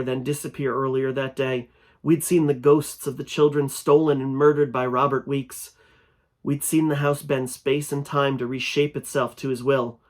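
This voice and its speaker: A man reading a first-person horror story aloud, his voice growing louder and tense in the frightening passages. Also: medium pitch. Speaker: fiction reader.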